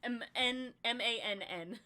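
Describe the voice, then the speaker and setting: A woman's voice: fairly high pitch, slow pace, sharp tone. A woman co-hosting a casual brainstorming chat, rambling with lots of "like" and breaking into giggles. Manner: giggly, rambling, heavy "like" filler. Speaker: podcast co-host.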